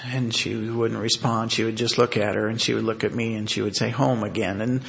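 Man, gravelly tone, halting personal storyteller who restarts often. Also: lowish voice, little pitch movement. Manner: halting, with many fillers and restarts. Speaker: husband telling a family story.

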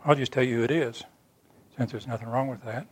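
A man preaches through a personal story in a plain, folksy way, earnest and unhurried. His voice sits at an ordinary middle pitch. The sound is dry and close, with no room echo. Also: steady tone, husky. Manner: earnest storytelling, acting out dialogue. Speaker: church speaker. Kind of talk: sermon told as a personal story.

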